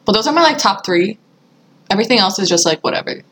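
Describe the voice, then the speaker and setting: A woman's voice: medium pitch, expressive, fast, a bit bright. A young woman chatting casually with friends, laid-back and frank about what bothers her.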